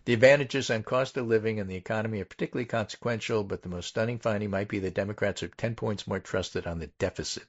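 A man's voice: fairly low pitch, fairly even intonation, lo-fi sound. A man hosting a casual political talk show, reading poll findings aloud and stressing each number in turn. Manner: methodical, pauses to stress numbers. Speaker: political podcast host.

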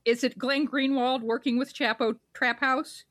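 A woman's voice: high-pitched, fairly even intonation, a little slow, fairly bright tone, no room sound, clean studio sound. A woman co-hosting a podcast in wry casual political chat, often laughing. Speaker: podcast co-host.

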